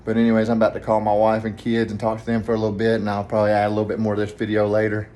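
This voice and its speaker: A man with a Southern US accent, talking quietly and rambling in a casual vlog from a hotel room. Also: lowish voice, monotone, rapid-fire. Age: adult, family man with kids. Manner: rambling, hushed so neighbors won't hear. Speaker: vlogger, trucking trainee.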